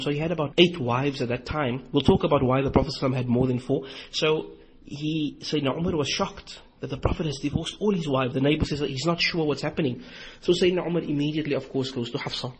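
A man's voice: fairly high pitch, quick pace, a little hiss or hum, rough recording. A man giving an Islamic lecture in a series, retelling stories animatedly with quoted dialogue.

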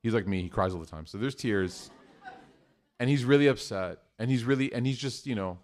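A middle-aged man giving a religious talk, telling a family story in an animated way, acting out quotes and using Arabic phrases. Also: medium pitch, fairly quick. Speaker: Muslim speaker.

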